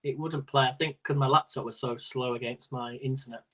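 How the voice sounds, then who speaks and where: A man's voice: medium pitch, fairly even intonation, a little fast, poor audio. Chatty man hosting a quiz. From Britain. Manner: chatty and rambling, laughs often. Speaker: quiz host. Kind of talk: casual live-stream quiz hosting.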